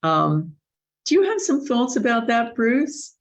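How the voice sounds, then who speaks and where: Earnest and thoughtful, this host of a live online question-and-answer discussion often restarts her sentences. She takes it slowly in a fairly high, sing-song voice.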